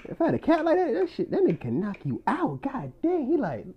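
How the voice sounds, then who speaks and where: A man's voice: extremely high pitch, huge pitch swings, a little fast, slight background noise. A young man in casual chat with a friend, telling stories animatedly, acting out quotes and laughing often. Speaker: friend chatting. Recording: dull lo-fi recording.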